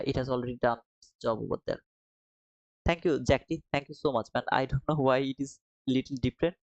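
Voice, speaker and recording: A man's voice: medium pitch, creaky. A man talks through a live trading stream, reading out chat messages and replying casually. He addresses viewers as brother and man. The sound is dull and dry, with no room echo. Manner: reads viewer comments aloud and answers them.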